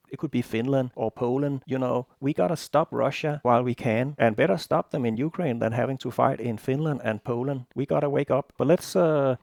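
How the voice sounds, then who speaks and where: A man's voice: medium pitch, vocal fry, a little mellow, no echo, studio quality. A man vlogging opinionated news commentary in an earnest, insistent way.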